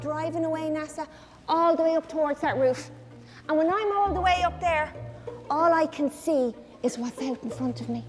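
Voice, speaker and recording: Lively Irish woman, farm safety teacher. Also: high-pitched. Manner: lively, talks to children with questions. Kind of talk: documentary interview and classroom talk.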